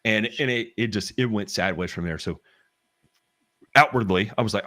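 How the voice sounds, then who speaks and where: Middle-aged Southern man, very deep, dry close mic, candid rambling storyteller. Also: normal speed, pauses often, pushed and bright, no echo. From American South. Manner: rambling, frequent restarts and fillers, candid with swearing. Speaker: podcast guest telling work stories. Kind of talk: casual chat.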